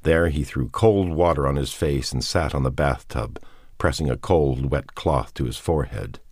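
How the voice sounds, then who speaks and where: Very deep-voiced male narrator, measured. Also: a little mellow, no echo, studio quality. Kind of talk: scripted audiobook narration.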